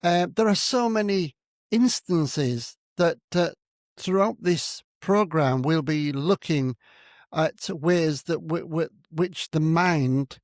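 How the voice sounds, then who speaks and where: A man hosting an interview, chatting in an unhurried, encouraging way. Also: on the high side, no echo, studio quality. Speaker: host.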